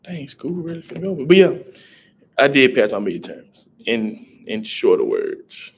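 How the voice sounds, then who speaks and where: A man's voice: mid-range voice, big pitch swings, normal speed, breathy edge. A young man, rambling casually on a live stream and greeting viewers in chat. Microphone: headset.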